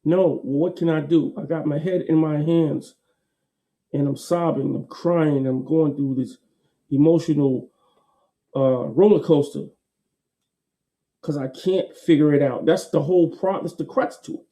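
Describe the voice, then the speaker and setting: A man gives a casual motivational talk. His tone is very dark and mellow, sitting a little high. He repeats his points emphatically in a folksy way. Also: fairly even intonation, unhurried, pauses often. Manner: folksy, repetitive, emphatic with laughs.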